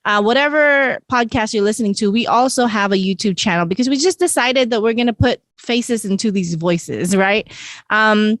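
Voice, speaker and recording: A woman's voice: on the high side, moderate pace, fairly bright tone, dry recording, clean studio sound. Bubbly, laughing woman podcast host. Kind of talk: casual podcast chat.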